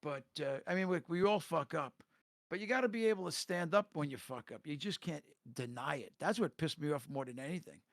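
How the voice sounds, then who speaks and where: A man with a gravelly, fry-laced voice, pitched a bit high, rambling through a profane story over voice chat. The sound is close and dry. He talks in a loose, animated way. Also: brisk, no room sound. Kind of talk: casual storytelling. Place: home, voice chat.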